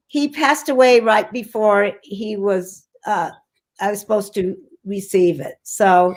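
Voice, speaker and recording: An older actress, a woman being interviewed, telling stories animatedly, with many restarts and quoted voices acted out. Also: on the high side. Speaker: actress guest. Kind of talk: casual interview storytelling.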